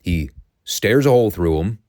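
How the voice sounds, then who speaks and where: A podcast host with a deep, low voice casually recounts old events with sardonic, profane amusement. He speaks at normal speed, expressive and a little mellow, close to the mic in a dry, dead room without echo.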